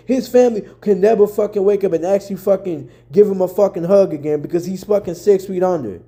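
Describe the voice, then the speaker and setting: A man's voice: high-pitched, mellow. A man from Memphis, ranting angrily and full of swearing as he gives his own commentary. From Memphis, Tennessee. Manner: angry, profane, repetitive.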